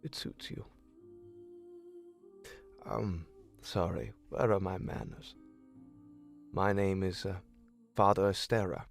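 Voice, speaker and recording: A man doing a gentle old priest. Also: deep voice, fairly even intonation, creaky, faint music behind, exaggerated voice. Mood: polite. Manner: polite, halting, gentle. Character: aged balding human priest, kindly.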